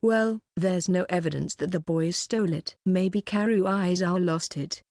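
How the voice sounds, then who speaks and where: A calm, polite teenage schoolboy who keeps his voice even, as a woman audiobook reader gives his lines. It sounds low and dry, close to the mic. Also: measured pace, no room sound.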